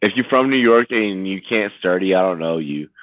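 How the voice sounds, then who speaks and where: Hyped guy from dc yelling over football, swings his voice all over, tinny phone line. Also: moderate pace, a little hiss or hum. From Washington, D.C. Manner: excitable, swearing, bursts into high yelps. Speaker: podcast co-host. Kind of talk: live watch-along football chat.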